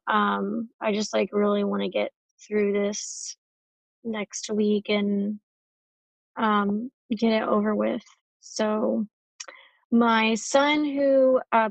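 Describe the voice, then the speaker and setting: Woman in her 30s, higher pitch, flat, weary anxious talk, dry dull recording. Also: no echo. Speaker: mother sharing an update. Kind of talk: casual monologue.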